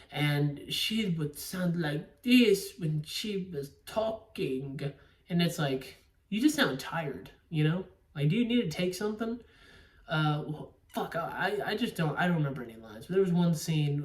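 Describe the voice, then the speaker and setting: Brief: swearing, rambling man reviewing movies, slightly high voice, roomy and distant sound. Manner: profane, rambling, emphatic. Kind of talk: casual ranting review. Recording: echoey room, distant from mic.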